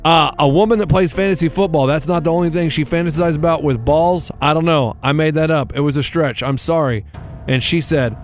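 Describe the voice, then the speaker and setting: A man's voice: on the high side, brisk, soft background music. A man co-hosting a podcast, chatting casually about sports and reading listener messages aloud. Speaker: podcast co-host.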